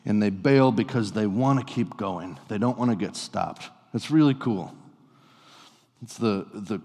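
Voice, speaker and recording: Conversational pastor in an echoing sanctuary. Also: male voice, fairly low pitch, measured pace. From US Pacific Northwest. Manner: conversational, animated storytelling with playful asides. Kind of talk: sermon. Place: church sanctuary. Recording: long reverb of a church hall.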